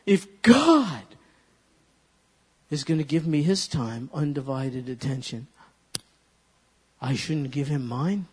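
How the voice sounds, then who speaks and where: Animated pastor in an echoing hall. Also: male voice, on the high side, takes it slowly, long pauses, slightly rough. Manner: animated, leads congregation in call-and-response recitation. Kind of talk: sermon. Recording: long reverb of a large hall.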